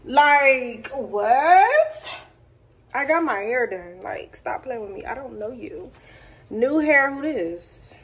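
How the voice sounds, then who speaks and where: A young woman vlogging in a chatty, excitable, slangy way, talking straight to her phone camera. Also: on the high side, a little slow. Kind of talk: casual chat to camera.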